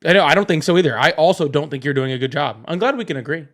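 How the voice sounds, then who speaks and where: Brief: man from the US South, a bit high-voiced, hosts a live call-in, teasing and repeating himself. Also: animated, racing, fairly bright tone. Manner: laughing, repeats words, teasing. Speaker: livestream host. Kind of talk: casual live call-in chat.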